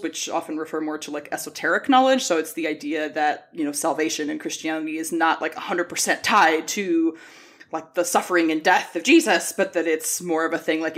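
A woman from Mexico co-hosting a casual book podcast, chatty and quick to laugh. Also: low-pitched. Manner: chatty, laughs often, many fillers. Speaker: podcast co-host.

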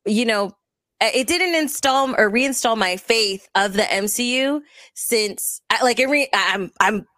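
A woman's voice: on the high side, dry recording, clean studio sound. A woman hosting a podcast, chatting casually and animatedly about a movie with her co-hosts. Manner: animated, chatty, quick asides. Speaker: podcast host. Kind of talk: casual movie review chat.

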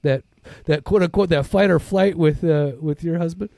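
A man's voice: fairly high pitch, normal speed, gravelly, mellow, no echo, clean studio sound. A middle-aged man co-hosting a recovery podcast, talking candidly with profanity and plenty of fillers. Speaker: podcast co-host. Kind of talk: casual recovery podcast talk.

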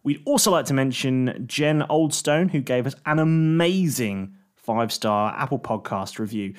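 A British man narrating a tabletop game as dungeon master and host, with lively, cheerful storytelling. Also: mid-range voice, moderate pace. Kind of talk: tabletop game narration and podcast shout-outs.

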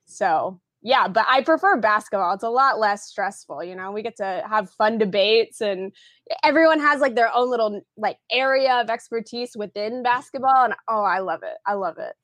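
A woman's voice: medium pitch, moderate pace, a bit bright, no echo, clean studio sound. A young adult woman from Oklahoma, a podcast guest chatting casually with lots of fillers and restarts. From Tulsa, Oklahoma area, US. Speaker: podcast guest, film critic.

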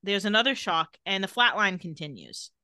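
A young woman co-hosting a podcast, recapping a TV episode in a sarcastic, deadpan play-by-play and acting out the characters' lines. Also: mid-range voice, moderate pace, clear, resonant tone, no echo, clean studio sound. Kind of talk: casual recap chat.

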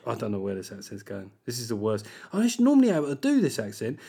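A man's voice: mid-range voice, huge pitch swings, fast talker, vocal fry, few pauses, dark tone. A man hosting a podcast alone, chatting casually in a rambling, jokey, self-deprecating way. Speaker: podcast host. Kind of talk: casual solo podcast chat.

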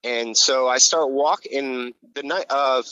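Man, casual storyteller, bright forceful voice, lots of cursing, dull lo-fi sound. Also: mid-range voice, slow pace, clear, resonant tone, no room sound. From Hawaii. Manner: profane, rambling, animated when reenacting. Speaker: guest telling his story.

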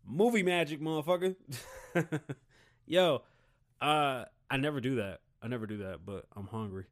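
Speaking at medium pitch and a moderate pace, a thirty-something podcast host from Puerto Rico goes off in a casual, profanity-laden rant. He's blunt and heated throughout.

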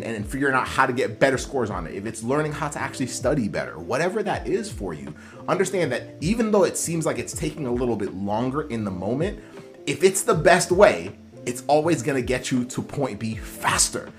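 A man's voice: mid-range voice, sing-song, a little fast, soft background music. A man coaching students applying to physical therapy school, talking earnestly with many fillers and restarts. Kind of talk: motivational coaching talk.

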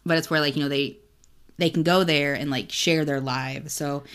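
A young woman co-hosting a casual book podcast, excitedly recapping scenes, swearing freely and reading passages aloud between laughs. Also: sits low, normal speed, smooth. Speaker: podcast co-host.

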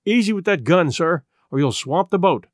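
Stern middle-aged sea captain, clipped commands, fairly high voice, dry as read by a man. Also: lively intonation, moderate pace, dry recording. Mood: commanding. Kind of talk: audiobook character voice.

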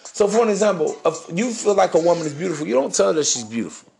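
A man's voice: high-pitched, sing-song, fast talker, creaky, darkish tone, breathy edge, soft background music. A man hosting a podcast, giving crude, swaggering dating advice in a preachy monologue. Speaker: podcast host.

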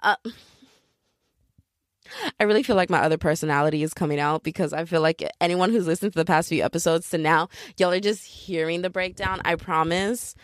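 A young woman hosting a podcast, telling a story in a casual, animated way and mocking other people in impressions. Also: lowish voice, brisk, no echo, studio quality. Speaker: podcast host. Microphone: podcast mic.

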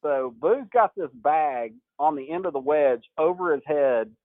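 A man, a golf coach guest, telling animated stories in a podcast interview and acting out what people said, laughing often. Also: a little high, a little slow, no echo, narrow, tinny audio. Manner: animated storyteller, acts out quotes, laughs often.

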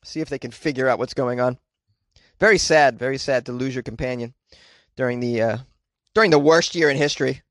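A man's voice: medium pitch, fairly quick, a bit bright, no echo, studio quality. A man hosting a podcast, riffing sarcastically and crudely on news stories and talking back to himself. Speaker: podcast host. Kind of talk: comic news commentary.

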